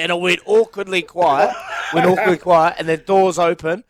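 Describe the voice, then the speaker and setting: A man's voice: sits high, brisk, crowd noise. A man with a New Zealand accent, co-hosting a radio show in casual banter and acting out stories with quoted voices. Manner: animated storytelling, acts out quotes. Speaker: radio co-host.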